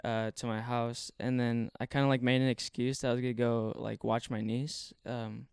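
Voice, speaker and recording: A man's voice: mid-range voice, little pitch movement, moderate pace, creaky, darkish tone, clean tone, no echo, clean studio sound. A young man telling a story in casual talk, rambling with lots of fillers and swearing. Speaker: podcast guest.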